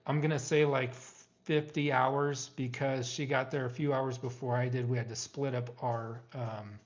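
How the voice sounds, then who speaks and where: A man's voice: mid-range voice, level tone. Hesitant middle-aged man chatting on a dull stream. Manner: halting, frequent uh and um fillers. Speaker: live stream host. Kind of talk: casual live stream chat.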